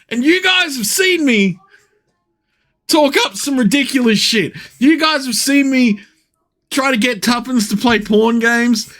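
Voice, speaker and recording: Profane ranting man, lively pitch. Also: a little slow. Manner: profane, ranting, laughing often. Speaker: streamer. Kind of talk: live stream commentary.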